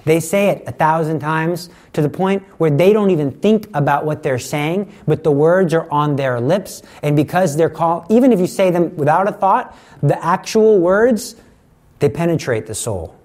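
A middle-aged man giving a conversational sermon, teaching with lively examples and acted-out quotes. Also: a little high, normal speed. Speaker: preacher.

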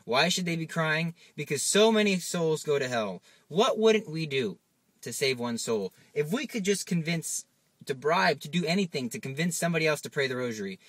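Urgent, bright-voiced male preacher. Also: on the high side, expressive, normal speed, no echo. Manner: urgent, exhorting, acts out little dialogues. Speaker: Catholic preacher. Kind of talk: informal sermon.

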